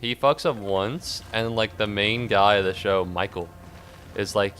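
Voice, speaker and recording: A man giving rambling, jokey commentary while streaming a game, breaking into squeaky outbursts. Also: unhurried, fairly bright tone, soft background music. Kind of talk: casual gaming commentary.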